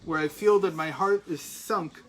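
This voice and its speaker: A man from America in his forties teaches a class in a rambling, anecdotal way. He restarts sentences often and drops asides. His voice sits a little high, with a faint hum of background noise. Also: measured pace, rough recording. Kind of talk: storytelling lecture.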